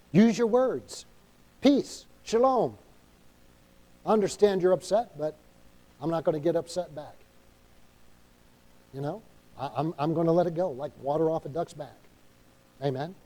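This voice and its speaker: A male pastor with a New England accent preaches with a high, warm voice. He is emphatic, stops often for an amen, and acts out small dialogues as he goes. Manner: emphatic preaching, calls for amens; acts out quoted inner dialogue. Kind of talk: sermon.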